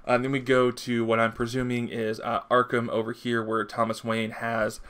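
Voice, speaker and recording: A man's voice: mid-range voice, monotone, moderate pace, a bit bright, clear, resonant tone. A man hosting a casual comic book review, rambling enthusiastically with lots of fillers.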